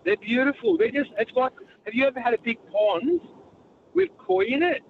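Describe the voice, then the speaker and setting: A man's voice: very high voice, expressive, moderate pace. A man calling in to a radio show, telling a rambling, enthusiastic story. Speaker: radio caller. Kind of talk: phone-in chat. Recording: lo-fi phone line with faint background noise.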